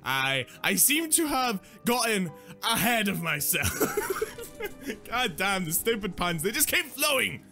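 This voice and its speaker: A young man playing through a game on camera, his voice high and bright with very wide swings in pitch. He reacts loudly, swears freely and keeps up silly running commentary. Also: measured pace, soft background music. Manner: excitable, swearing, laughing, silly asides. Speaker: gaming YouTuber. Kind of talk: Let's Play commentary.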